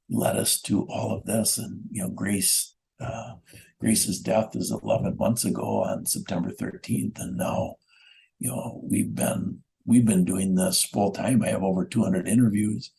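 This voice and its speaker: A man's voice: on the low side, steady tone, unhurried, creaky, dark tone, rough recording. A middle-aged man speaking as a guest in a radio interview, giving a methodical, earnest account that lists times and doses. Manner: earnest, insistent. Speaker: guest, bereaved father.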